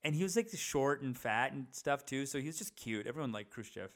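A young man vlogs indoors at his parents' house in a medium-pitched, fairly bright voice that's expressive and a little fast. Talking straight to the camera, he rambles casually, curses, and leans on fillers and restarts.

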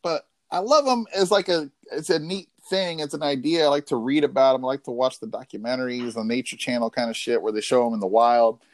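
A man in casual chat, telling stories in a profane, rambling, animated way. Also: mid-range voice, brisk, few pauses, no echo.

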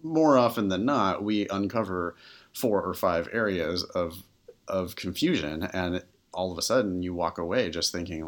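A man's voice: deep voice, moderate pace. A man co-hosting a podcast as a test-prep tutor, talking candidly and animatedly with plenty of filler words. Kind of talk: casual podcast conversation.

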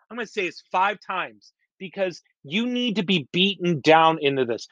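A man's voice: high voice, animated, moderate pace, few pauses, a bit bright, dry recording, dull audio. A man ranting bluntly about football fans in a sports commentary, exasperated and repeating his points over and over. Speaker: sports podcaster.

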